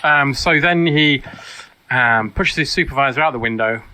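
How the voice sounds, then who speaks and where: A man co-hosting a podcast, recapping a film in a casual, deadpan comic way. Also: mid-range voice, normal speed, clean tone. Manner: deadpan recapping with mock quotes. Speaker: podcast co-host. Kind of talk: casual comedic film commentary.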